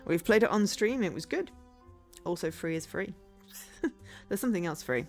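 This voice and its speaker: Chatty woman streamer with a lively voice. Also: fairly low pitch, moderate pace, faint music behind. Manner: chatty and rambling, laughing often. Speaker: game streamer. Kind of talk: casual gameplay commentary.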